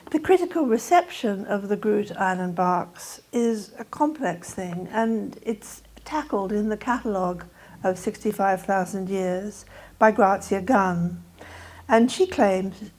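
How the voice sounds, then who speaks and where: An older woman giving a measured, scholarly public lecture, pausing now and then with fillers. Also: medium pitch, a little mellow, poor audio. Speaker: guest lecturer.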